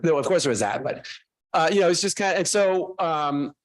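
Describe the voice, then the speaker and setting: A man, a guest author, telling animated, self-mocking stories casually to a class. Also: fairly high pitch, brisk.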